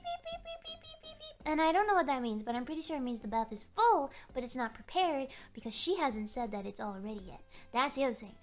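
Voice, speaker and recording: A young woman streaming, telling a rambling story in a giggly, animated way. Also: fairly high pitch. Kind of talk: casual chat. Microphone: streaming microphone.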